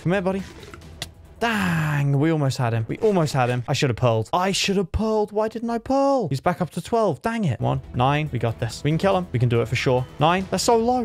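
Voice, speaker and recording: A young man giving excited live commentary while he plays a video game. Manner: excitable, pitch jumps sharply in tense fights. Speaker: gaming streamer.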